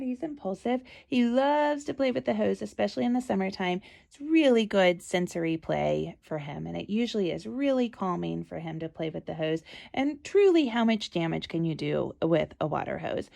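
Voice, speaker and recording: A woman hosts her own podcast, talking casually and telling stories with lots of asides. Her voice has a gravelly, creaky edge at a medium pitch. She sits close to the mic at home. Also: warm tone. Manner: chatty, conversational, many asides. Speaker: podcast host and parent advocate. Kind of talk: casual solo podcast storytelling.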